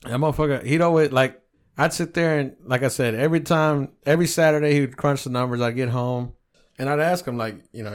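A middle-aged man co-hosting a casual podcast with a middle-pitched voice. He tells stories loosely and with animation, dropping curses all the time. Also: fairly quick, clear, resonant tone. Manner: profane, animated storytelling. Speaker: podcast co-host. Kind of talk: casual chat.

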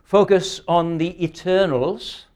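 Retired pastor, sixties, slightly higher voice, emphatic sermon delivery. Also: male voice, steady tone, slow, a little mellow. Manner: earnest, emphatic preaching with rhetorical questions.

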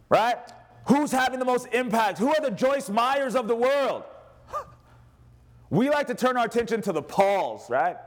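A man preaching a sermon from the pulpit, his voice pitched high and light. He preaches with animated energy and slips into the voices of the people in his stories. A live congregation answers him now and then. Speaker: pastor. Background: congregation responding.

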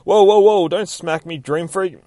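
A man's voice: medium pitch, brisk, a little mellow, dry recording, close to an everyday voice. A man voicing a sarcastic, foul-mouthed teenage girl who is dreaming she is in a space battle. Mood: startled.

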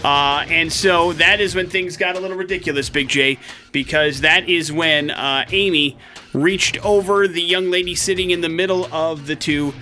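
Chatty radio host, bright voice. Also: male voice, fairly high pitch, moderate pace, a little hiss or hum. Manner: lively, chatty, animated storytelling with fillers. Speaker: radio morning show host. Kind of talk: casual radio banter and storytelling. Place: radio studio.

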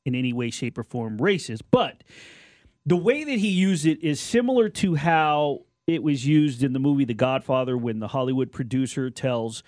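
A sports radio host of Colombian and Lebanese heritage co-hosts a talk show, explaining his point at length with restarts in a casual, earnest way. His medium-pitched, slightly mellow voice has lively intonation and a moderate pace, recorded cleanly in a studio with no echo.

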